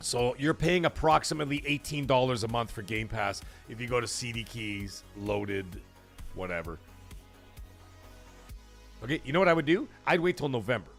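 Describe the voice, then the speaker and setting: A man hosting a live gaming talk show, chatting casually and thanking viewers from chat in a rambling, animated way. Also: medium pitch, normal speed, creaky, faint music behind. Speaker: livestream talk show host.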